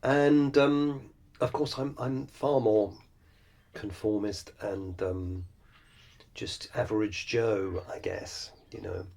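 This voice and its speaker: A man's voice: on the low side, steady tone, slow, creaky, a little mellow. A middle-aged man hosting a solo podcast, musing in a rambling, self-deprecating way with lots of fillers and restarts. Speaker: podcast host and songwriter. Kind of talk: reflective solo podcast monologue.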